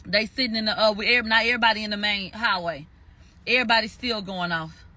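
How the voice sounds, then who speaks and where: A man's voice: high voice, fairly even intonation, quick pace, bright, forceful tone. A man giving a heated spoken recap, emphatic and profane, repeating phrases for stress. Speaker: commentator recounting a court verdict.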